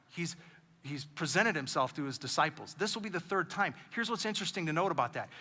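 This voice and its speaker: Bright-voiced male pastor in a reverberant hall. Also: fairly high pitch. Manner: animated storytelling, acting out quoted lines. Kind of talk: sermon. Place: church auditorium.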